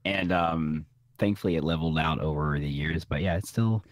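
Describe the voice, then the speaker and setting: A man co-hosting a casual podcast chat, easygoing and quick to laugh. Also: a bass voice, no echo, clean studio sound. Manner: easygoing, laughs often, many fillers. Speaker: podcast co-host.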